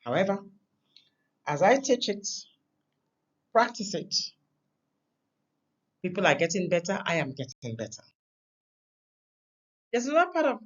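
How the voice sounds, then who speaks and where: A woman teaching a recorded lesson on communication, with an emphatic delivery that stresses words through sharp changes in pitch and loudness. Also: highs cut off.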